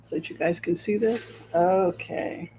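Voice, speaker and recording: A woman's voice: fairly low pitch, measured pace, warm tone, a little hiss or hum, poor audio. Chatty woman hosting a livestream. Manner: chatty and rambling, checking with viewers. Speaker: tarot reader and livestream host. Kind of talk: casual livestream chat.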